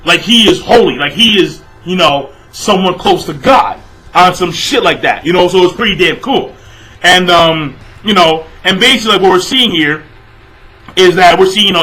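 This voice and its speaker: Young man, high bright voice, casual ranting review, profane, exasperated, lots of fillers. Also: poor audio. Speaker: manga reviewer.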